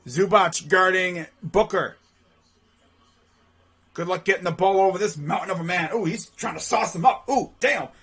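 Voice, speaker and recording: A young man doing live play-by-play reaction to a basketball game from home, slangy and excitable, yelling and groaning at missed shots. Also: high voice, quick pace, creaky, few pauses, breathy edge. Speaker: play-by-play streamer.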